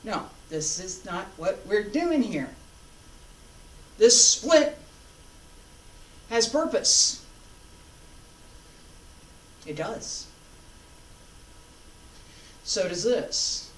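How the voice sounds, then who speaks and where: Slow-spoken woman coaching a martial arts class. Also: mid-range voice. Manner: calm, deliberate, corrective coaching. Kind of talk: class instruction with counted cues. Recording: echoey room, distant mic, faint background noise.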